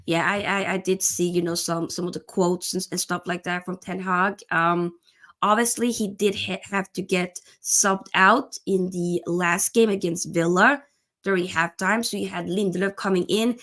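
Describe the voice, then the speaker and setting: A young woman hosting a casual live football stream, chatty and animated, greeting viewers by name. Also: on the low side, moderate pace.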